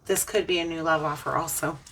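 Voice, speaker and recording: A woman's voice: deep voice, fairly even intonation, a little fast, recorded from a distance, very noisy. A woman giving an earnest, emotional spiritual tarot reading, preaching about faith as she turns the cards. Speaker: tarot reader.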